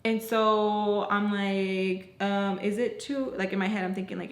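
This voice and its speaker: A woman's voice: unhurried, few pauses. Chatty young woman in an echoey room. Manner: animated, acts out quotes with jumps in pitch, frequent "like". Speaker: storytime vlogger. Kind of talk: casual storytime retelling. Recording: roomy echo, faint background noise.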